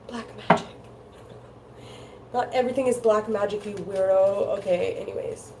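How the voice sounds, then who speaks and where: A woman's voice: mid-range voice, fairly even intonation, unhurried, long pauses, noisy background. A woman doing a casual tarot reading, rambling and chatty, with lots of filler words. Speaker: tarot card reader.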